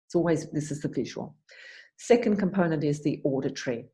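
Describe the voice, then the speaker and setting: Woman arts coach, low mellow voice, patient step-by-step explainer, video call sound. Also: lively intonation, a little fast. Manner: explains step by step, acting out client dialogue. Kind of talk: online forum talk.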